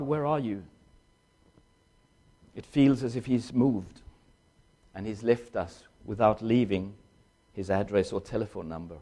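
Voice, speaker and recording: Older male former preacher, emotional testimony, halting short phrases, mid-pitched voice. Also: a little mellow. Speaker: former pastor and missionary. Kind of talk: personal testimony.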